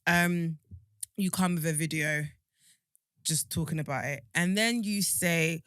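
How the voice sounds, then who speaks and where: A woman's voice: fairly low pitch, a little slow, fairly bright tone, clean tone, dry recording, clean studio sound. A woman, co-hosting a podcast in casual chat, talking emphatically with many restarts. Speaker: podcast co-host.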